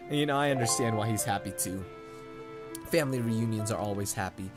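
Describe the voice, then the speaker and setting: A man hosts a let's play, rambling, chatting and joking over his gameplay as game music plays in the background. He speaks a little fast in a fairly low voice into a condenser mic.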